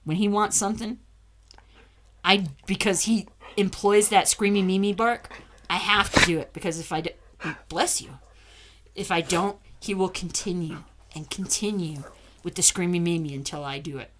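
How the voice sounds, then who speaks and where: A woman's voice: lowish voice, fairly even intonation, moderate pace, fairly bright tone, slight background noise. A woman hosting a casual livestream from home into a desk microphone, candid and chatty, often breaking off to talk to her dog. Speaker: livestream host. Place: at home indoors.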